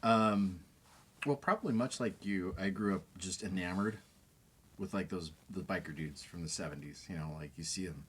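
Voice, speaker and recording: A man with a fairly low voice co-hosts a loose, chatty podcast, laughing easily at his friend's jokes. A faint hum sits under the recording. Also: normal speed. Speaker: podcast co-host, drummer. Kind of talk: casual banter.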